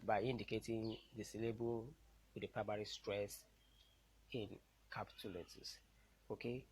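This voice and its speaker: A man teaching an English lesson, slowly modelling words and explaining the rules. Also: fairly low pitch, slight background noise, low-quality recording. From Nigeria. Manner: slow, deliberate word drills and explanations. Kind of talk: recorded online lesson.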